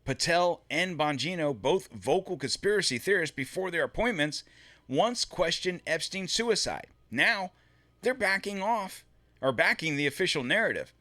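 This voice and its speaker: A man's voice: a little high, lively intonation, moderate pace, pushed and bright. A man hosting a solo political commentary show, reading from his script and breaking off to mutter and swear in frustration.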